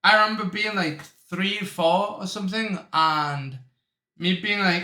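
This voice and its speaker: A young man with a high, bright voice tells loose, unhurried stories in a relaxed chat. He laughs a lot and keeps throwing in bro. The room around him sounds echoey. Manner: rambling storytelling, laughs often, says bro. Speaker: reaction streamer. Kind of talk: casual chat.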